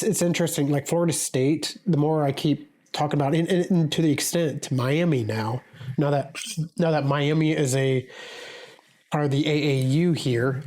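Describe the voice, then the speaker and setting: A man's voice: a little high, a little mellow. Stuffy-nosed man with a cold. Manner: hesitant, repeats words, fillers. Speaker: podcast co-host. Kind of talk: casual sports podcast talk.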